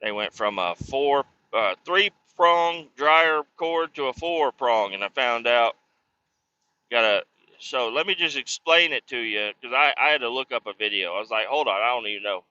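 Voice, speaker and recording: Over a slightly muffled, dry mic, a man in his thirties streams a trucking game, chatting casually and telling rambling, profane stories with a laid-back air. His mid-range voice is animated and sharp, at normal speed.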